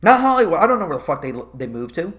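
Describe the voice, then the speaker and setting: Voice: medium pitch, racing. A vlogger ranting about a movie in a casual comedic review, swearing often and laughing. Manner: profane, animated, laughing.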